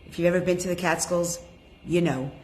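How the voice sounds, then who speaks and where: A woman's voice: lowish voice, steady tone, fairly quick, slight background noise. A woman teaching a women's class online, chatting and greeting each attendee by name. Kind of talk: casual online class talk.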